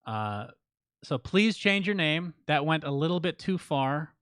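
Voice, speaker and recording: A man co-hosting a casual podcast, ribbing his partner in a deadpan way and reading out listener shout-outs. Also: fairly high pitch, a little slow, clean tone, dry recording. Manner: dry teasing, deadpan ribbing. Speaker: podcast co-host.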